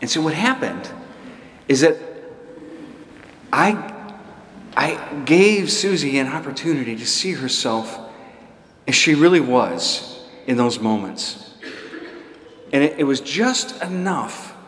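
A man preaching a sermon as a priest, telling a story in a conversational, halting way with many restarts. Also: medium pitch, a bit bright, roomy sound, big-room sound, a little hiss or hum.

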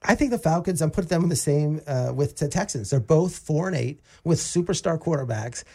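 Gravelly dark-voiced man, excitable sports radio co-host who rambles and restarts. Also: fairly high pitch, fairly quick. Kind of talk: casual sports talk.

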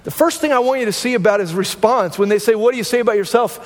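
A man's voice: high voice, fast talker, long reverb tail. A man pastor preaching a conversational sermon to his church, often asking "right?" to the congregation. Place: church sanctuary.

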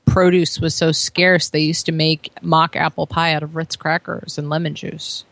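A woman co-hosting a casual podcast, chiming in with quick reactions and laughter. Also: low-pitched, flat delivery, a bit bright, no room sound. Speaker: podcast co-host.

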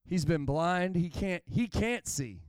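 This male pastor has a high, lively voice that is a little mellow and clean, and he takes his time. With no room sound around him, he preaches a church sermon full of stories, acting out the characters' quotes with rising intensity.

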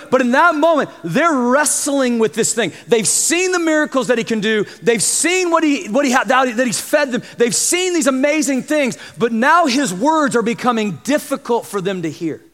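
A man preaching a sermon as pastor, lively, acting out the voices of the people he describes. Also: extremely high pitch. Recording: long hall reverb.

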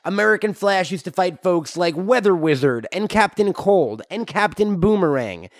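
A man hosting and interviewing a comic character with wry, deadpan questions. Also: high voice, normal speed, no room sound, clean studio sound. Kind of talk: improv interview.

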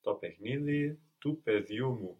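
A man's voice: mid-range voice, lively intonation, moderate pace, phone-quality sound. A man answering questions as a student in a language lesson, carefully and a little tentatively.

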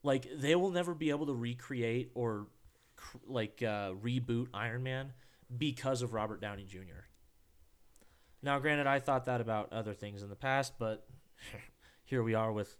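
Podcast co-host guy, smooth clear voice, rambles and cuts himself off a lot, swears casually. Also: medium pitch, normal speed. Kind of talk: casual chat.

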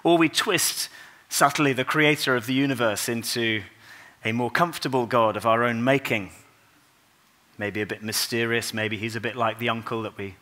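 In a church, a man delivers a Christmas sermon with earnest, unhurried care, his fairly low voice softening to a hush for the tender parts.

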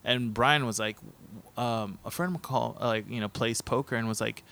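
A man's voice: medium pitch, moderate pace, gravelly, fairly bright tone. A young man in a band, talking in a laid-back, rambling way with lots of fillers. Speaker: band member. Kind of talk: casual podcast chat.

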